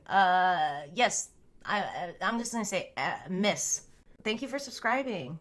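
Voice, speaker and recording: A woman's voice: mid-range voice, expressive, unhurried, fairly bright tone. Woman streamer in her thirties, chatty oversharer, filler-heavy and casual. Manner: rambling, oversharing, frequent "like" fillers and swearing. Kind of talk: casual live-stream chat.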